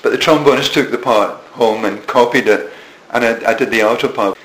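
A Scottish man in his seventies speaks briskly in a mid-range, fairly bright voice during a storytelling interview. He tells self-mocking anecdotes with frequent restarts, recorded in an echoey room with faint noise.

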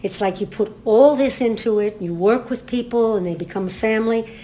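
A woman's voice: on the high side, moderate pace. An older woman, a community theater actress, talking through a show in a casual interview with lots of restarts. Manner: rambling, many restarts, animated storytelling.

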